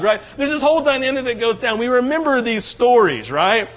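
High-voiced man preaching conversationally. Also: brisk, hardly any pauses, lo-fi sound. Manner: conversational, animated, acts out quotes, often asks "right?". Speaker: pastor. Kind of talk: sermon.

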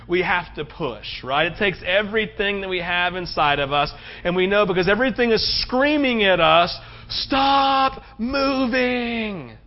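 Chatty high-voiced male pastor. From United States. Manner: conversational, rhetorical questions. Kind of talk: sermon. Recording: slightly muffled recording.

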